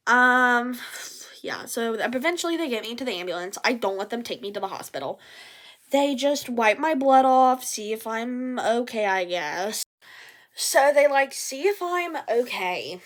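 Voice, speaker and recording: A young adult woman telling a story in a casual vlog, animated, swearing and acting out what people said. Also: on the high side, a little slow. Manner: animated, swears, acts out quotes.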